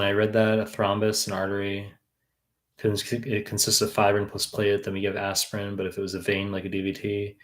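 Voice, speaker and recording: A man in his thirties from New York, a tutor answering viewer questions on a live stream in a blunt, profane way with many fillers. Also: fairly low pitch. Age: 30s. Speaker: exam prep tutor.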